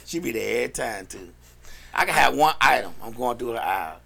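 Gravelly, laughing, profane man co-host. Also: mid-range voice, expressive, fairly quick. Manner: loud, blunt and profane, laughs often. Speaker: podcast co-host. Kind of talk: casual chat.

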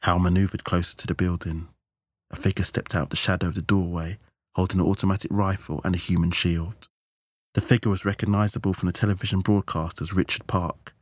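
A man narrating an audiobook in a measured, steady storytelling style. His voice is very deep, and the recording is dry and close with no room sound. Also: no room sound. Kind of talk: scripted narration.

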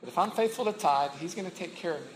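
A man's voice: high-pitched, animated, fast talker, roomy sound, a little hiss or hum, rough recording. A middle-aged man preaching in a casual, conversational way, with many fillers and restarts. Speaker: campus ministry pastor. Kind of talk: sermon.

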